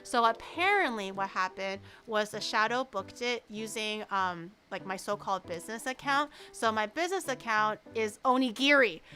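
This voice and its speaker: A woman's voice: high-pitched, bright, forceful tone. A woman streamer telling a story in casual chat, rambling and stammering, with some swearing.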